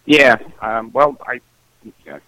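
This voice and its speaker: A middle-aged man, a musician, talking in a casual interview, halting and full of restarts and fillers. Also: mid-range voice, bright, forceful tone, poor audio. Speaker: musician guest.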